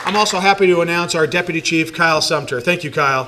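A man's voice: fairly high pitch, quick pace, over a noisy crowd, very noisy. A man speaking as a mayor addressing a large banquet room, joking and conversational, with frequent fillers. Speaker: mayor giving a city address. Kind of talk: public speech to a crowd.

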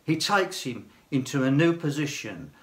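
An older man, a church elder, preaching a sermon in a slow, gentle way and dropping to a hush on key phrases. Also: mid-range voice, animated.

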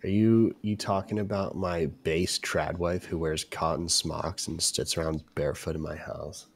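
A man's voice: very deep voice, flat delivery, moderate pace, vocal fry, fairly bright tone, husky. A man joining a live stream voice chat, talking in a brash, crude, mock-macho joking way. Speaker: voice chat guest.

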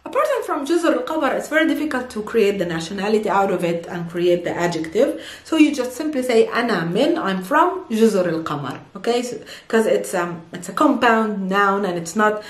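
A woman's voice: medium pitch, lively intonation, reverberant. Bubbly Arabic-accented woman teaching. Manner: enthusiastic, giggly, slow careful pronunciation of words. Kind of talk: online language lesson.

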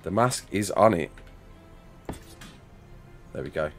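Male streamer, 30s, lively swooping pitch, chatty and excitable, reads chat aloud mid-game. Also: takes it slowly, faint music behind. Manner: animated, reacts to chat with laughs and outbursts. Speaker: livestreamer. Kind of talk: casual livestream chat while playing.

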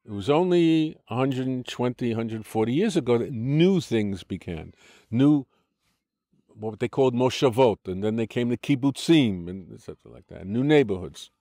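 An older man, born in the United States and speaking with an American accent, is an interview guest who argues and lectures, often restarting his sentences. His medium-pitched voice has lively intonation and a warm tone at normal speed. The audio is studio quality with no room sound.

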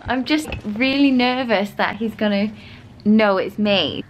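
Speaking at a measured pace in a mid-range voice, a young Australian vlogger chats casually to camera from a small indoor room. She's bubbly and giggly, with slight background noise in the recording.

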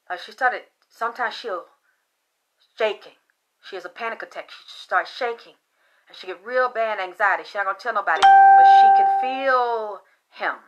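In a mid-range voice, a female video host rambles through a conspiracy story, animated and conspiratorial, her volume rising and falling.

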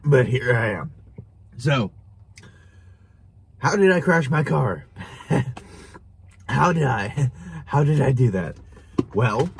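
A young man telling a wild story to camera in a casual, animated way, laughing and swearing as he goes. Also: medium pitch, slow, vocal fry, pauses often, a little hiss or hum. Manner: animated, chuckling, swearing, with restarts. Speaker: vlogger.

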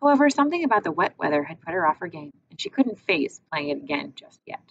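A woman narrating an audiobook in a measured, expressive reading. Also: low voice. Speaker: audiobook reader. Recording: muffled with faint hiss.

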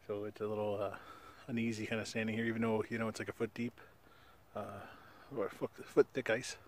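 A man's voice: lowish voice, little pitch movement, brisk, slight background noise. A Canadian man with a Canadian accent, vlogging casually outdoors on a frozen lake, talking through a camera on a tripod in a rambling, laid-back way full of fillers.

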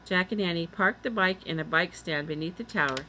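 A woman reading a children's chapter book aloud, doing the children's lines a little higher. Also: a little fast, pushed and bright, slight background noise, poor audio. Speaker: reader. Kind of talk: storybook read-aloud.

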